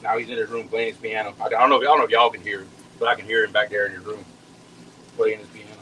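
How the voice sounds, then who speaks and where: A man's voice: on the low side, little pitch movement, very fast, pushed and bright, a little hiss or hum, rough recording. Folksy man chatting while cooking. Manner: chatty, folksy, repeats words as he talks. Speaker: home cook hosting a live cooking stream. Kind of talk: casual cooking chat with viewers.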